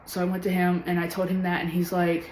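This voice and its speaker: A woman's voice: lowish voice, monotone, darkish tone. Woman in her thirties, roomy echo. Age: 30s. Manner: earnest and candid, long run-on story with many pauses. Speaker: vlogger telling her own story. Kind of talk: personal storytelling to camera. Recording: roomy echo with faint background hum.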